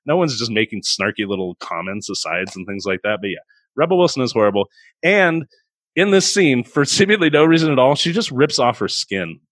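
A man co-hosting a casual comedic film review, ranting with profanity and sudden high-pitched outbursts of exasperation. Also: very animated, a little fast, fairly bright tone, no echo. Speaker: podcast co-host.

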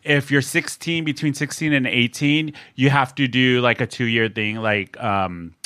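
A man hosting a podcast in casual chat, animated and laughing often as he wraps up the show. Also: mid-range voice, measured pace, clean tone, dry recording. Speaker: podcast host.

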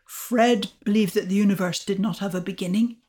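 An older woman, an astrophysicist guest, recounting her discovery in a measured, explanatory way. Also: medium pitch, steady tone, mellow. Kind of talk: storytelling interview answers.

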